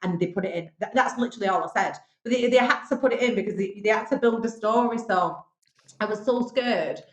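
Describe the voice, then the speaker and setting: A woman's voice: mid-range voice, brisk. A woman from Bolton with a Northern English accent, a podcast guest telling stories frankly and chattily, with some swearing. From Bolton, England. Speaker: podcast guest, business owner. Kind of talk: casual interview storytelling. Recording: roomy echo.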